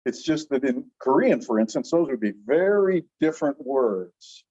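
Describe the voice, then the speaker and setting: A middle-aged man teaching a language class in a chatty, animated way, often asking the class questions. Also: mid-range voice, normal speed, lo-fi sound. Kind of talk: classroom lecture.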